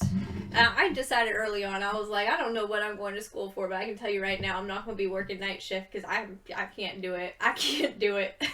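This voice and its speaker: Her voice mid-range and fairly bright, recorded from a distant mic, a young woman who creates gaming videos rambles casually over gameplay. She giggles often and sounds tired from not sleeping enough.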